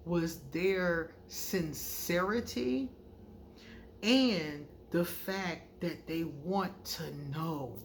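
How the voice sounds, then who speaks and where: Speaking slowly in a lowish voice, a woman who reads tarot cards chats frankly with her viewers in a casual vlog, telling lively stories and performing the lines she quotes. A slight hiss or hum sits under the audio.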